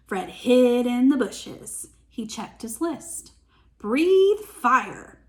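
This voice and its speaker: A woman reading a picture book aloud as a teacher, with slow, expressive storytelling. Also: fairly high pitch.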